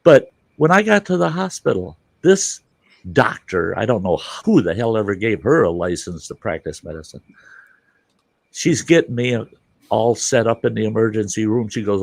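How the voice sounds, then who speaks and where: A man hosting a live stream, telling stories in casual chat, animated and swearing freely, laughing as he goes. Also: fairly low pitch, normal speed, vocal fry, no echo.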